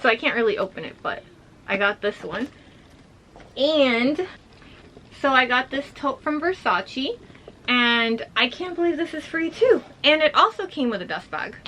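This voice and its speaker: A young woman chatting excitedly through an unboxing vlog, a little out of breath and full of "like". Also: high voice, a little slow, a little hiss or hum, rough recording. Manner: excited, chatty, heavy use of "like". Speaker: vlogger.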